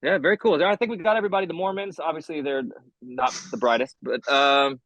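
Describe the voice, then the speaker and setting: A man's voice: on the high side, quick pace, fairly bright tone, no echo, dull audio. A man co-hosting a podcast in casual comedic chat, rambling with jokey asides and many restarts. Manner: rambling, jokey, lots of restarts and acted quotes. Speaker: podcast co-host.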